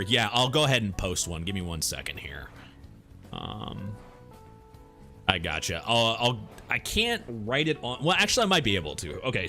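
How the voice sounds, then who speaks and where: A young man streaming from home, talking casually to his chat in a bright, lively voice that rises and falls a lot. Faint music plays under him on his desk microphone. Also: medium pitch. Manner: reads comic dialogue aloud, then chats loosely with viewers. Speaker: streamer reading a webcomic aloud. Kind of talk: casual live-stream read-through.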